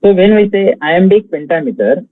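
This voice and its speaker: A man from India giving an online exam-prep lecture, talking slowly with many fillers and pausing to count out syllables and stresses. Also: high voice, animated, dry recording, phone-quality sound. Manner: slow, halting delivery with many fillers, counting out feet and stresses.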